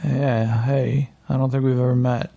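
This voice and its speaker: A man's voice: medium pitch, level tone, measured pace, creaky, mellow, no echo. A man voicing a hard-bitten male resistance fighter who talks bluntly and curses as he gives commands. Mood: gruff.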